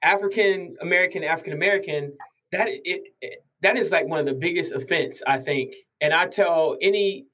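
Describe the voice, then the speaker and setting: A man speaking thoughtfully and in a measured way as a guest in a casual chat. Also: on the high side, pushed and bright, poor audio.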